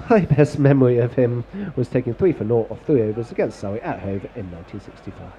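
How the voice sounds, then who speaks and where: A man's voice: mid-range voice, lively intonation, fairly quick, muffled recording. A man co-commentating on cricket in a chatty, rambling way, telling anecdotes and reading out listener tweets.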